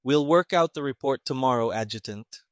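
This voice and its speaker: A gruff, sarcastic army colonel, put on by a man reading a story. He speaks in a raised, irritated voice, a notch above the reader's own. The sound is dry and close. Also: mid-range voice, normal speed, dry recording, close to an everyday voice.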